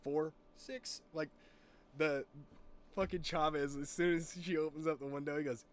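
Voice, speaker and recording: A man streaming, telling a story in a rambling, profane, animated way. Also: fairly high pitch, moderate pace. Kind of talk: casual storytelling chat.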